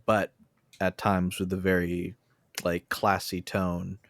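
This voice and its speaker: Low-voiced man, halting podcast guest. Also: flat delivery, fairly bright tone, no room sound, clean studio sound. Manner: halting, thinks aloud while searching for words. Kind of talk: casual podcast discussion.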